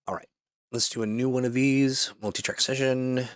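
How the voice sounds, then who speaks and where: A man's voice: medium pitch, steady tone, normal speed, a bit bright, no room sound. A man hosting a casual live stream between voice-over takes, joking and poking fun at himself with many fillers, into a studio microphone. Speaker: host and voice-over artist.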